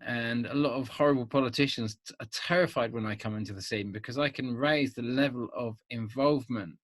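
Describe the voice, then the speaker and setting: A man in his fifties, a vlogger talking to camera in a rambling, animated way with many restarts. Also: mid-range voice, a little fast, few pauses, dry recording. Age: 50s. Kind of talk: casual monologue to camera.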